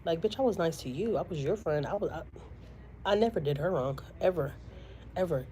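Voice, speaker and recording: Lady vlogging a long story, warm dark tone, faint room hum, lots of "you know". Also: low voice, animated, a little fast, poor audio. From Houston, Texas. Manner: chatty, many fillers, quotes others dramatically. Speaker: vlogger on a live stream. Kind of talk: casual storytelling to viewers.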